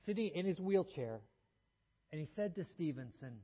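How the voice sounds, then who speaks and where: A man's voice: a little high, expressive, moderate pace. A man preaching a sermon, telling a story earnestly and often restarting his words. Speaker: pastor. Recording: muffled sound in a reverberant hall.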